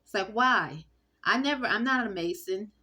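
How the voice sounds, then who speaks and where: A woman with a bright, sharp-edged voice talks straight to her phone in a loose, meandering monologue. She halts, restarts and fills gaps with ums as she goes, speaking from inside a room. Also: medium pitch, expressive. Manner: halting, many fillers and restarts. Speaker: vlogger. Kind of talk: rambling personal monologue. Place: indoor room. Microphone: phone recording.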